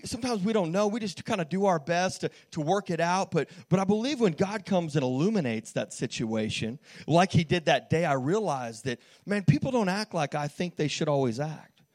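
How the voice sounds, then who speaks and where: A man preaching a sermon as pastor in church, telling a lively story with frequent restarts and calls to the congregation. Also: high-pitched, brisk.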